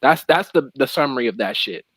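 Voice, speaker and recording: A man's voice: medium pitch, expressive, brisk, a bit bright, breathy edge, dry recording, low-quality recording. A young man in casual religious discussion who reads long scripture passages aloud in slangy everyday talk. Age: young adult. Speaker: co-host of religious talk show.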